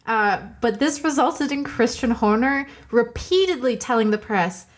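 A woman's voice: fairly high pitch, expressive, measured pace. A woman co-hosting a casual podcast chat, blunt and dryly teasing. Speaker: podcast co-host.

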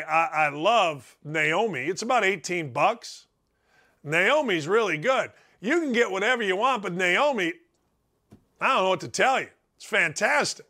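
A middle-aged American man hosting a sports talk show, giving blunt, folksy relationship advice in a rambling monologue. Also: high-pitched. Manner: blunt, folksy, rambling, swings between loud and muttered asides. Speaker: sports radio host.

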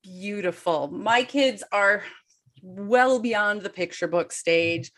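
A woman's voice: mid-range voice, slow, fairly bright tone. A woman co-hosting an interview, reflecting on the guest's points in a casual, emphatic way. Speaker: co-host.

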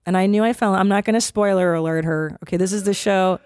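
A woman's voice: mid-range voice, steady tone, quick pace, darkish tone, clear, resonant tone, dry recording. A woman in her forties hosting a podcast, rambling and swearing freely, with sighs and restarts, a little stuffy from cold medicine. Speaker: podcast host. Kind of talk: casual chat.

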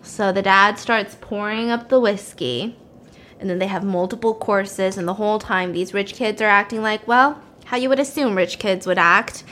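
A woman's voice: medium pitch, moderate pace, a bit bright. A young woman hosting a casual chat, animatedly retelling a story while baking. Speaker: host.

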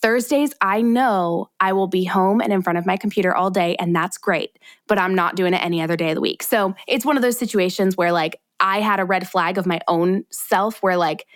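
A woman's voice: medium pitch, fairly quick. A woman co-hosting a podcast, speaking in an earnest, encouraging way and filling her talk with "like." Her voice sits in a middle register. The sound is dry and close, with no room echo. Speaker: podcast co-host. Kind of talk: casual podcast chat.

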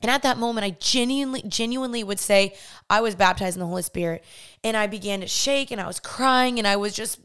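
Young woman sharing her testimony, smooth voice. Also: medium pitch, fast talker. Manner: animated, acts out remembered voices. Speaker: podcast host. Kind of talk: personal testimony monologue.

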